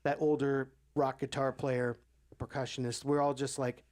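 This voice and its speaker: A man co-hosting a podcast, telling a story in casual chat, animated, acting out the quoted voices and swearing freely. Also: medium pitch, moderate pace. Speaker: podcast co-host.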